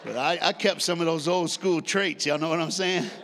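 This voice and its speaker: A man in his sixties preaching a lively sermon, leading the congregation in call-and-response, shouting and half-singing at the peaks and joking in between. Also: on the high side, moderate pace, crowd noise, noisy background. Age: 60s. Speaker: guest preacher.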